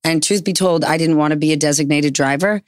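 Low-voiced candid woman. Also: fairly quick, no echo, studio quality. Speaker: guest. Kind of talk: casual interview answers.

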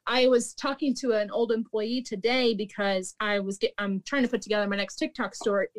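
A woman's voice: mid-range voice, fairly even intonation, brisk. A young woman, a former restaurant manager, telling work stories in casual chat, bluntly, swearing and laughing often. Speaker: podcast guest, recruiter and former restaurant manager.

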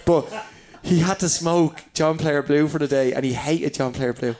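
A comedian in his forties, with a slightly high, darkish voice at normal speed, tells crude childhood stories in casual chat. He swears freely, laughs, and mimics his parents and other people.

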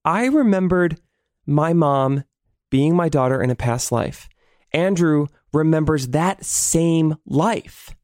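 A man's voice: fairly high pitch, lively intonation, slow, darkish tone, dry recording, clean studio sound. A man hosting a podcast in casual talk, blunt and playful, who swears now and then. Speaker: podcast host.

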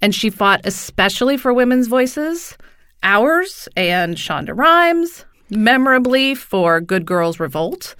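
A woman co-hosting a podcast in casual conversation, quick to agree and laugh along. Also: on the high side, very animated, fairly bright tone, smooth, no echo, studio quality. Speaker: podcast co-host.

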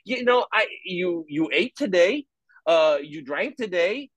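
A man speaking as an interview guest about his faith, talking in an animated, rambling way with many restarts. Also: high-pitched, a little slow, no echo. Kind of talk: faith testimony in conversation.

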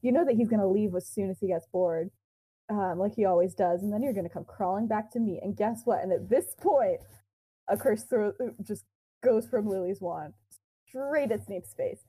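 A woman's voice: mid-range voice, normal speed, warm tone, husky, low-quality recording. A young woman co-hosting a podcast, casually retelling a fan-fiction story with quoted dialogue, lots of fillers and giggles.

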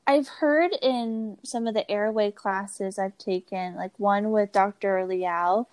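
A woman co-hosting a casual podcast as a therapist, unhurried and friendly, chiming in with short remarks. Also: mid-range voice, a little mellow, smooth. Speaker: podcast co-host, myofunctional therapist.

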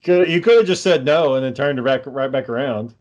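A man's voice: medium pitch, a little fast, a little mellow, highs cut off. A man chatting casually, asking easygoing questions. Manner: laid-back, asks questions, drawls y'all. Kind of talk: casual chat.

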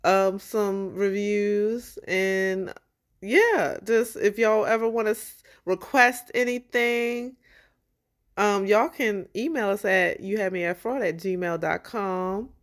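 A woman co-hosting a podcast in casual chat, relaxed and chatty, with informal slang. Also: medium pitch, takes it slowly. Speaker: podcast co-host.

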